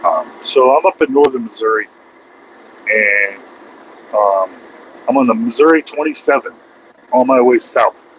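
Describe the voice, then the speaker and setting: Male trucker vlogger, middle pitch, chatty, ranting at traffic, faint road hum behind. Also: unhurried, pauses often, fairly bright tone, low-quality recording. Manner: chatty, rants at other drivers. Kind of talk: casual driving vlog. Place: truck cab on the highway.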